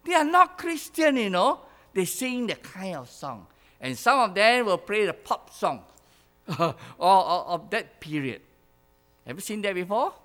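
A male preacher delivers a sermon at an unhurried pace with a lively, rising and falling pitch. He keeps asking the congregation questions, repeats key phrases and chuckles between points. A long reverb from the church hall trails every word.

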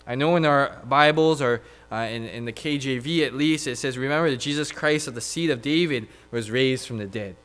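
A man's voice: medium pitch, fairly quick, few pauses, a bit bright, smooth. A man preaching a sermon, reading scripture aloud with many "uh" fillers and building to emphatic repetition.

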